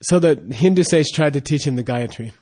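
A male Buddhist monk telling a teaching story in a loose, rambling way, full of fillers and restarts. His voice sits a bit high for a man, and he chats more than he preaches. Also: mellow. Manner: rambling, halting, with fillers and laughs.

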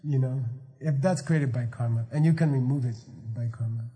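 Animated laughing male spiritual teacher. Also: mid-range voice, moderate pace. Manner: animated, laughing, mock-incredulous asides. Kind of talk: informal dharma lecture.

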